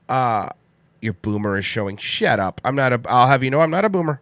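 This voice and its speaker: A man in his thirties rambles through casual chat as a livestream host, repeating lines and swearing without a second thought. His middle-pitched voice sits on a close mic in a dry, dead room. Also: animated, a little fast, a bit bright, dry recording. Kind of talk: casual solo stream chat.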